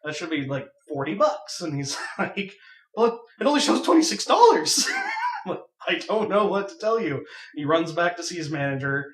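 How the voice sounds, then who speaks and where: A young man casually telling a funny story on a podcast, animated and laughing as he goes. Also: fairly high pitch, moderate pace. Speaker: podcast co-host. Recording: echoey room, far from mic.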